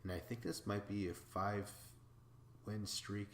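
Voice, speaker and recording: A man from Wisconsin hosting a podcast, recapping episodes in a casual, excitable way, swearing freely and laughing as he talks. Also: fairly low pitch, measured pace, roomy sound, a little hiss or hum. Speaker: podcast host.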